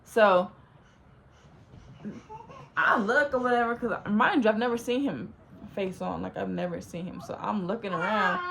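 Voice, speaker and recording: A young woman telling a rambling, animated story, filling it with "like.". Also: medium pitch, normal speed, creaky, long pauses, noisy background. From Los Angeles. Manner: rambling, says "like" constantly, animated. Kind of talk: casual storytime.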